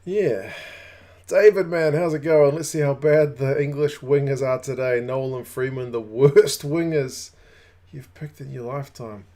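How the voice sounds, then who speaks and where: A man's voice: mid-range voice, fairly even intonation, normal speed, mellow. Aussie guy chatting on a rugby watch-along stream, rambly, says hi to viewers by name. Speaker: rugby channel host. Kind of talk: casual live watch-along chat reading comments.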